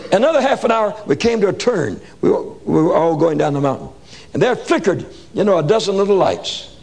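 A man preaching a sermon full of stories, animated and colloquial, repeating words for emphasis. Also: high-pitched, a little fast, vocal fry. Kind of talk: sermon with storytelling.

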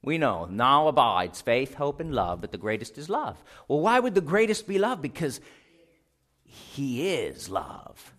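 A man's voice: a little high, big pitch swings, moderate pace, hardly any pauses, a bit bright. A man preaching a sermon, reading scripture aloud and putting questions to his congregation.

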